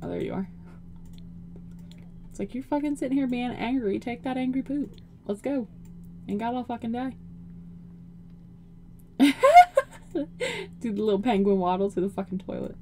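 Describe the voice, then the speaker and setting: A woman's voice: fairly high pitch, normal speed, pauses often, warm tone, slight background noise. A young woman giving casual, profane, joking commentary over a life-simulation game and talking to her character. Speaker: gaming video host.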